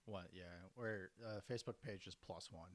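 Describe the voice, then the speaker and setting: A man co-hosting a casual hunting podcast, telling stories in a steady, laid-back way with short agreeing replies. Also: deep voice, moderate pace. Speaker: podcast co-host. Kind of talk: casual chat.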